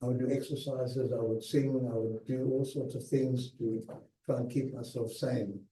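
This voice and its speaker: An older man recounting his own past in a slow, emphatic talk with hushed pauses, heard from a distance in an echoey lecture hall. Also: mid-range voice, little pitch movement, slight background noise. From South Africa. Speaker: guest speaker. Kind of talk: personal memoir talk.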